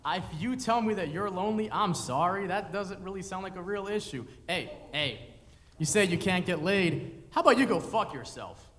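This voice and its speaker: A man's voice: high voice, expressive, normal speed, fairly bright tone, pitched above the performer's own voice. A man voicing a scornful skeptic who sneers at someone's loneliness, exasperated and dismissive. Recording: live hall reverb with room noise.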